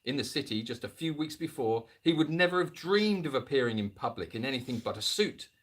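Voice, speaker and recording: A man's voice: medium pitch, lively intonation, a little fast, a bit bright. A man hosting a livestream, reading a story aloud and breaking off for sarcastic, jokey comments. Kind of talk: comic story reading with asides.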